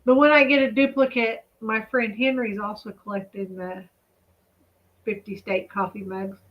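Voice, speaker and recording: A woman with a medium-pitched, level voice speaks at a normal speed, and the audio sounds dull. She hosts a vlog channel from her home in a residential cul-de-sac, chatting casually and reading official text aloud while often drifting off to react to it.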